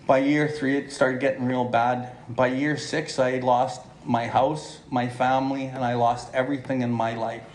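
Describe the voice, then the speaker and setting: A man's voice: medium pitch, flat delivery, moderate pace, few pauses, a little hiss or hum. A middle-aged man giving a candid, blunt personal testimony at a twelve-step speaker meeting, talking conversationally to the room. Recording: echoey hall recording.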